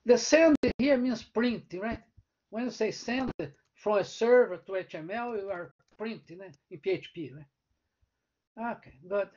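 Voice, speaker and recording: Slow, deliberate man. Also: sits high, darkish tone, slight background noise. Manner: talks through code step by step, often asking "né?" or "right?". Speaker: professor. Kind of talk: live coding lecture. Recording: dull lo-fi recording.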